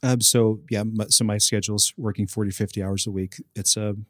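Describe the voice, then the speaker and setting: A man who works as a bivocational pastor, answering interview questions in an earnest, measured way with frequent fillers. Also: lowish voice, fairly even intonation, fairly bright tone, no echo, clean studio sound.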